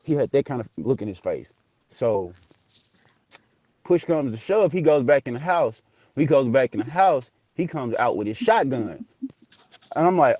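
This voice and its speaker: A man tells a ghost story casually, animated and profane, acting out the voices. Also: mid-range voice, normal speed, no echo. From Memphis area, US South. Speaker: guest telling a ghost story.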